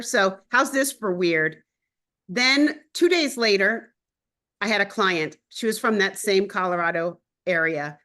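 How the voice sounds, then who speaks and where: A woman hosting a casual interview, telling lively stories and laughing often as she talks about astrology and animals. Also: medium pitch, a little slow. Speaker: host and astrologer.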